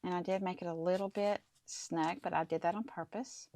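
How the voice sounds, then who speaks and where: A woman's voice: on the low side, fairly even intonation, brisk, dark tone, a little hiss or hum. Chatty woman crafting on camera. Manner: chatty, talks viewers through each step. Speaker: crafting channel host. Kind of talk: casual craft tutorial.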